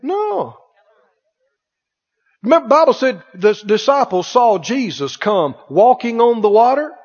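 A man's voice: high-pitched, very animated, normal speed, a little mellow. A man preaching a sermon, acting out scripture voices and firing rhetorical questions at the congregation. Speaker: pastor. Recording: dull sound with long hall reverb.

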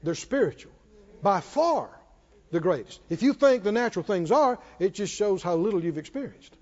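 High-voiced male preacher in a reverberant hall. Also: animated, normal speed, darkish tone. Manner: repeats phrases for emphasis, calls for congregation responses. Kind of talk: sermon. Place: church hall with congregation. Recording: reverberant hall, dull lo-fi sound.

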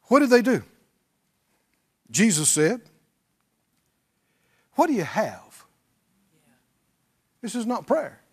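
A man's voice: high voice, sing-song, takes it slowly, long pauses, darkish tone, breathy edge. A male pastor preaching a sermon, drawing on the congregation and mimicking pleading prayers.

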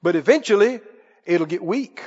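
A man's voice: high-pitched, lively intonation, moderate pace, a little mellow. A man preaching a sermon with emphatic call-and-response questions to his congregation. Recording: dull, echoey hall sound.

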